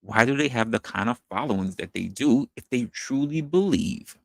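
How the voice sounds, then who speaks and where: Guy hosting his opinion show, gravelly, dry close mic, keeps throwing questions at the audience. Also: mid-range voice, moderate pace, no room sound. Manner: animated, rhetorical, questioning the audience. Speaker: podcast host. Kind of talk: opinion commentary monologue.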